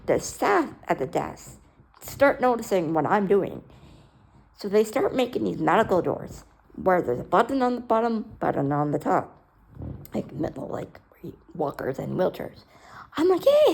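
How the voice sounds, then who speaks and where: A woman telling an emotional personal story bluntly, swearing and acting out the dialogue with sudden loud outbursts. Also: fairly low pitch, big pitch swings, unhurried, creaky, slight background noise. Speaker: storyteller sharing her life.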